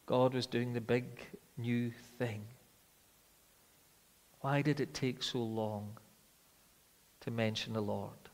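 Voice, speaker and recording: A man preaching a sermon with dramatic rhetorical questions, rising loud and falling quiet. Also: medium pitch, steady tone, slow pace, pauses often. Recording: long hall reverb.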